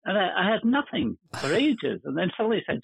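A man's voice: high-pitched, big pitch swings, fast talker, creaky, fairly bright tone, husky, no room sound. An older man, a guest, telling chuckling, rambling stories about his working life in casual conversation. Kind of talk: casual storytelling. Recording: tinny phone-line sound.

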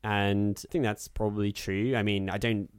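Low-voiced man rambling on a podcast. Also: flat delivery, moderate pace, smooth, no echo, studio quality. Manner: rambling, hesitant, wry. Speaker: podcast co-host. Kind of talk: casual film discussion.

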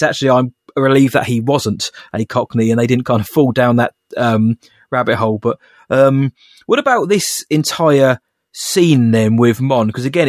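A man's voice: mid-range voice, no room sound. Chatty man on a dry podcast mic. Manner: rambling, animated, frequent restarts. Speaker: podcast co-host. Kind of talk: casual podcast chat.

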